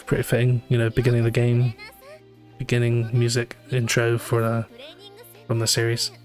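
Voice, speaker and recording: A man's voice: medium pitch, completely flat delivery, normal speed. A man livestreaming a game, talking casually with lots of fillers, restarts and dry asides, with faint game music behind. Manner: rambling, many fillers and self-corrections, dry asides. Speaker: livestreamer playing a gacha game. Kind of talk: casual live commentary.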